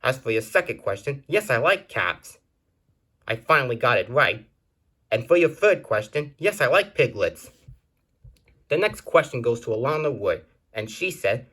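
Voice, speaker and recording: A man's voice: medium pitch, big pitch swings, normal speed, pushed and bright. A man with a medium voice reads out his viewers' questions one by one and answers each in turn. His delivery is plain and earnest. He often stops mid-sentence to correct a word.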